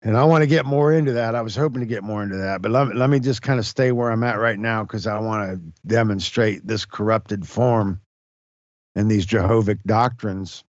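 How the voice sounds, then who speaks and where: A man presenting in a measured, halting lecture style, with frequent fillers and restarts. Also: on the low side, no echo, lo-fi sound. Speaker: presenter on esoteric history. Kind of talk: slow lecture-style discussion.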